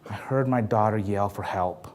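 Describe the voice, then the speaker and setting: A man giving a motivational talk to an audience, telling stories in a lively, jokey way. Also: on the low side, normal speed. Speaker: motivational speaker.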